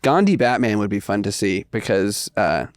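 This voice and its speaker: A man's voice: fairly low pitch, expressive, moderate pace, dry recording, studio quality. A man hosting a comedy podcast, joking and teasing his guest in casual chat. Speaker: podcast host.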